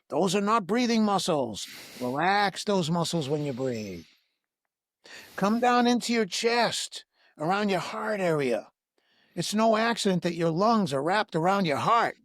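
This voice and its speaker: A man guiding listeners through a breath-awareness meditation in a slow, soothing, instructive way, asking repeated gentle questions. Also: sits high, lively intonation, dry recording, studio quality. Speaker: breathwork teacher, podcast guest.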